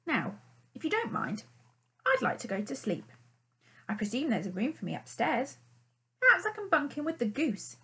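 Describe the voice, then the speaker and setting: A woman's voice: high voice, wildly swooping pitch, normal speed, long pauses, fairly bright tone, heavily acted. A woman reading an audiobook and voicing a proud, ungrateful male fox who talks in a haughty, cross way. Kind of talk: audiobook character voice.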